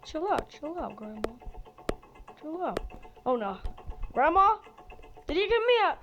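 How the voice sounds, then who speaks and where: A woman giving excited gameplay commentary, jumping between loud outbursts and hushed whispers. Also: sits high, unhurried, pauses often, muffled recording. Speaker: game player.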